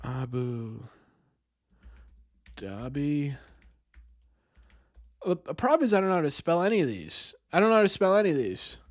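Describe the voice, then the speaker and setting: A young man streaming, talking to his chat while he fumbles through a quiz. His voice sits a bit high and swings widely as he goes from panicking to cheering himself on. Keys clatter faintly behind him. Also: sing-song, racing, few pauses, no echo, clean studio sound. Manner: flustered and self-mocking, thinking aloud.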